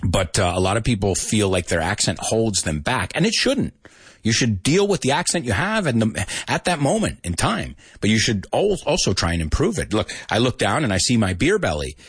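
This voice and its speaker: Animated, husky-voiced male teacher. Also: lowish voice, normal speed, no echo, clean studio sound. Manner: animated, explains with demonstrations. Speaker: host and English teacher. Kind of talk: teaching podcast talk.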